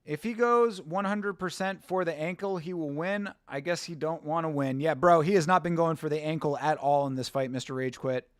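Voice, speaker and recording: A young American man runs a fight watch-along stream, casually swearing and reacting loosely to his chat. His slightly high voice comes at a normal pace with few pauses, captured close-up in a dry recording.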